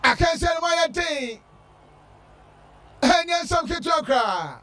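A man giving shouted football commentary with a chanting, sing-song delivery. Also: extremely high pitch, lively intonation, a little slow, distant mic. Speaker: sports commentator.

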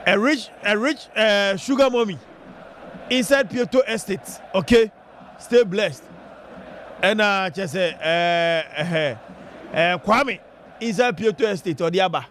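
A man giving excited live football commentary on radio, with bursts of shouting. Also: slow pace, slight background noise. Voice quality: high-pitched, shouting bursts, mixing languages.

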